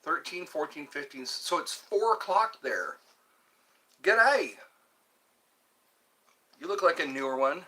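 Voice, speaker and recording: A man's voice: a little high, expressive, moderate pace, hardly any pauses, bright, forceful tone, breathy edge. An older man hosting a casual livestream, reading viewer comments aloud and playing along with them. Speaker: livestream host.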